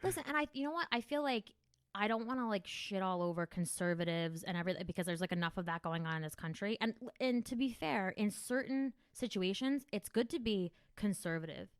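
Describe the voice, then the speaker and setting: A woman's voice: medium pitch, fairly quick, clear, resonant tone, dry recording, studio quality. A woman from New Jersey hosting a comedy podcast, rambling and swearing freely in casual chat. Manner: profane, rambling, animated storytelling.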